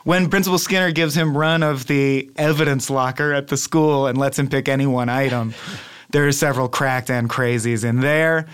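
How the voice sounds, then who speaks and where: A man's voice: medium pitch, steady tone, normal speed, fairly bright tone, clean tone. A man co-hosting a casual chat, eager and jokey, chiming in like a fan. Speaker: podcast co-host.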